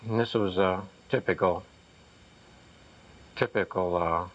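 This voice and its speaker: A man recalling a friend in an interview, in a halting way with many pauses. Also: low-pitched, dull audio. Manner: halting, with fillers. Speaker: interviewee, colleague. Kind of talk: reminiscing.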